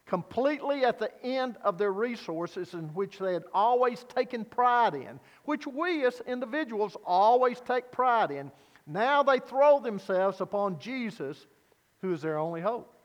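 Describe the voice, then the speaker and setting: A man preaching a sermon as pastor, earnest and deliberate, posing rhetorical questions to his congregation. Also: sits high, animated, in a large hall.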